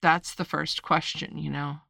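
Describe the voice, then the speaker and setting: A woman's voice: sits low, level tone, a little slow, vocal fry, sharp tone, no echo, studio quality, exaggerated voice. Woman reading as a drawling, indifferent footman. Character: aloof male frog footman, slow and unbothered.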